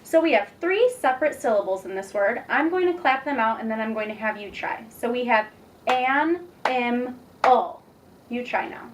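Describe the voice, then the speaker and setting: A young woman teacher demonstrating a reading lesson, patient and encouraging, speaking slowly and clearly. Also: fairly high pitch. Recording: distant mic with faint background noise.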